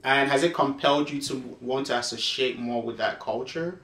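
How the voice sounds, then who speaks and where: A man from Africa hosts a video, talking to the camera in a casual, emphatic way while reacting to a clip and speaking straight to his viewers. His voice is medium in pitch and fairly bright, at a moderate pace. The room gives the recording a noticeable echo.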